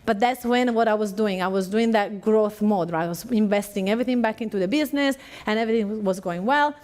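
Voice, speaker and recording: A woman's voice: mid-range voice, fast talker, darkish tone. A woman with an Italian accent, a native Italian speaker, chattily telling her business story to an audience and laughing often. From Italy. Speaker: business coach and podcast host.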